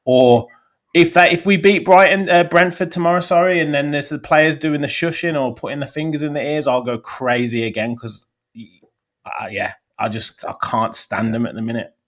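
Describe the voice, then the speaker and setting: A man's voice: a little high, steady tone, moderate pace, fairly bright tone. A man, a guest fan on a football podcast, ranting bluntly about his team.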